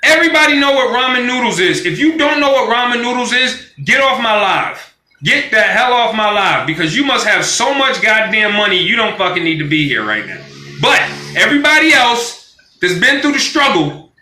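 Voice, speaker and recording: A man's voice: high voice, expressive, brisk, pushed and bright, echoey room. A man ranting on a live stream in a casual, profane style, acting out quoted voices as he goes.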